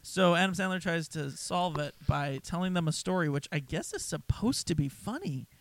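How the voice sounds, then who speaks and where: A man's voice: a little high, lively intonation, normal speed, fairly bright tone. A man co-hosting a casual movie review chat, sarcastic and exasperated as he retells scenes. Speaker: podcast co-host.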